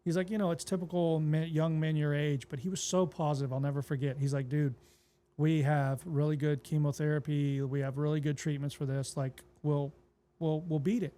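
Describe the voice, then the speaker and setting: A man with a fairly high, mellow voice tells his own story as a guest on an interview podcast. He speaks plainly and casually and slips into quoted dialogue as he goes. He sounds like a pastor talking easily with a friend. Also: fairly quick. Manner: relaxed, plainspoken retelling that acts out quoted dialogue.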